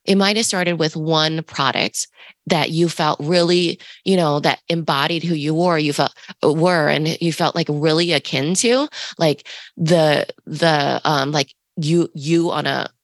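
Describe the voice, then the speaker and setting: A woman with a raspy voice, co-hosting a podcast, talking in a rambling, coaching way with many fillers. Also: deep voice, steady tone, unhurried, no room sound. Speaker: podcast co-host. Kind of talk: casual podcast monologue.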